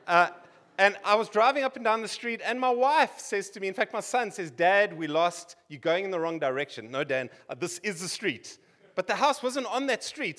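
A high-pitched South African man in his forties delivering a sermon. He keeps it conversational, tossing in wry jokes and asides to the congregation. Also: fairly bright tone. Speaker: preacher.

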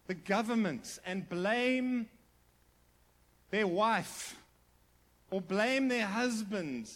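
Middle-aged pastor with a fairly high voice, preaching a chatty but earnest sermon. He goes quiet to land his points. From South Africa. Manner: earnest preaching with sudden drops to hushed emphasis; conversational, with asides and restarts.

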